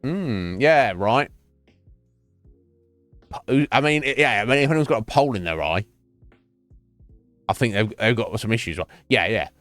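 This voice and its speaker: Brief: middle-aged British streamer, low-pitched, blunt and profane, dry close mic with faint music behind. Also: male voice, animated, a little slow, pauses often, a bit bright, no room sound. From Britain. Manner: sweary, blunt, rambling with repeated restarts. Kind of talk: casual chat to stream chat.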